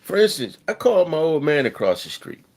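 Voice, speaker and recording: A man co-hosting a podcast in casual chat, telling stories in a profane, animated way with many asides. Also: a little high, fairly quick. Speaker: podcast co-host.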